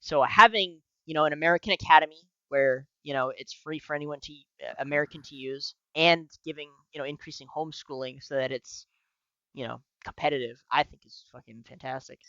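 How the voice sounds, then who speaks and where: Bright-voiced man, profane podcast talk. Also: fairly high pitch, a little fast, dry recording, lo-fi sound. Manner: profane, animated, laughs often. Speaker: podcast co-host. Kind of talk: casual political podcast chat.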